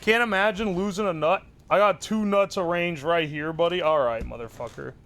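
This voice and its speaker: A man's voice: a little high, moderate pace, fairly bright tone. A man streaming live, joking with his chat and thinking aloud while he builds something. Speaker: livestreamer. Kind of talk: casual livestream chat.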